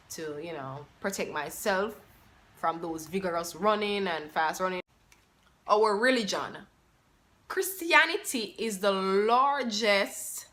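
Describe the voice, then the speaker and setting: A woman from Jamaica with a Jamaican accent, explaining things to camera in a casual vlog, halting and searching for words with many restarts. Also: medium pitch, pushed and bright. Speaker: vlogger.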